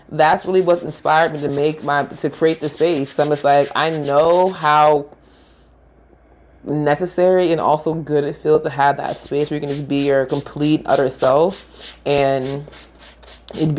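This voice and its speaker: Low-voiced woman, loose and chatty. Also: level tone, moderate pace, darkish tone. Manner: rambling, laughs often, trails off and restarts. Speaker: yoga therapist guest. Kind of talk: casual podcast conversation.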